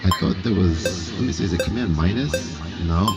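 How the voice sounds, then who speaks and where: A man's voice: sits low, normal speed. A man casually talking through a music recording setup on a live stream, thinking aloud and correcting himself as he goes. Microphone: studio microphone.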